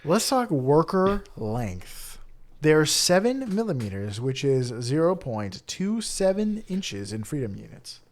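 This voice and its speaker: A man co-hosting a podcast in casual chat, chatty and quick to laugh, sometimes stumbling over words. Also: on the high side, very animated. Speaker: podcast co-host.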